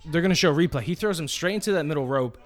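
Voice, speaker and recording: A man co-hosting a casual podcast, chatting and breaking into excited play-by-play as he watches a match. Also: on the high side, rapid-fire. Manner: excited, jumps into play-by-play commentary. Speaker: podcast co-host. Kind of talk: casual live-reaction chat.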